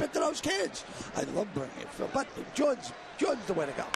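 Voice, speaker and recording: A man joking and rambling excitedly as a guest commentator during a baseball broadcast. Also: very high-pitched, brisk, vocal fry, background noise.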